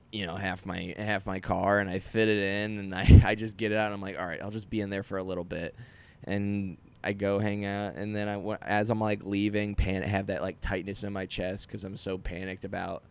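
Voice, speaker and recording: A man's voice: fairly low pitch, smooth. A young man, a comedian hosting his podcast, telling a rambling, self-deprecating story in casual chat with many restarts.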